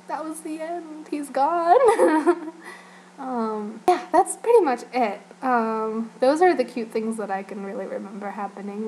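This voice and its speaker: A young woman recounts her day at a filming in a rambling, giggly vlog, stringing her thoughts together with constant fillers. Her voice sits a little high. A faint hiss runs under the recording. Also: a little mellow. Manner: rambling, giggly, heavy use of "like". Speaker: fan vlogger. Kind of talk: casual recap vlog.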